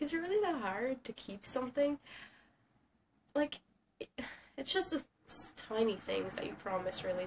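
A young woman who is sick, ranting sarcastically in a casual vlog and swearing often. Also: medium pitch. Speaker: vlogger. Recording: distant camera mic with faint hiss.

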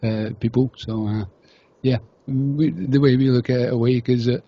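A male radio host with a warm, husky voice, speaking loosely and padding his lines with uhs. The audio is dull and lo-fi. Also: mid-range voice, steady tone, normal speed, dry recording. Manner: loose, rambling delivery with many uhs. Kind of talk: radio interview hosting.

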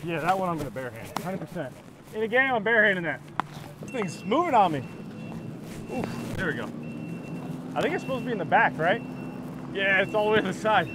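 A man's voice: sits high, very animated, fairly quick, pauses often, noisy background. A man who plays baseball, joking and chatting on a clip-on mic at outdoor training. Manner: joking, chatty, laughs often. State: out of breath. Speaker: baseball pitcher. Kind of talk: casual chat while training.

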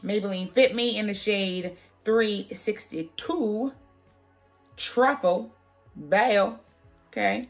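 Sassy lady doing a wig tutorial, lots of vocal fry, cracks jokes w viewers. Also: medium pitch, takes it slowly, long pauses, soft background music. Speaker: beauty vlogger.

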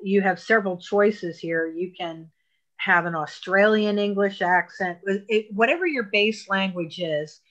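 Slow, bright-voiced woman teaching a tech class. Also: medium pitch, muffled recording. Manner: patient, step-by-step instructions, emphatic asides. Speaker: technology class instructor.

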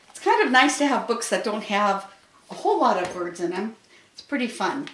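A woman reading picture books aloud to children at a library story hour, slow and expressive, with playful animal sounds. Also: mid-range voice, slight background noise. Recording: echoey room.

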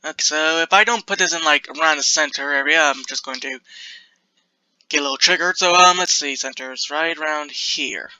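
Bright, high-pitched young man gaming. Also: moderate pace, smooth, dry recording. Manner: chatty, jumpy, self-mocking, laughs often. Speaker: gaming video creator. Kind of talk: casual Minecraft commentary.

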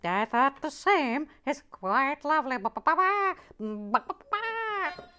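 A woman's voice: high-pitched, big pitch swings, a little slow, pushed and bright, soft background music, voice pushed up, full character voice. A woman voicing a cheerful toy woman who thinks she is a chicken, breaking into squawking clucks. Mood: chirpy clucking.

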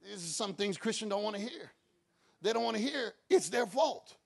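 A man preaching a sermon as pastor, moving from quiet talk to shouted preaching and acting out his own prayers and God's answers. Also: high voice, lively intonation, moderate pace, vocal fry, husky.

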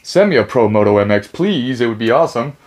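Excitable man hosting an unboxing. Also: mid-range voice, fast talker. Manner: excitable, jokey, rambling. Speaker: channel host, reviewer. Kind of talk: casual unboxing review.

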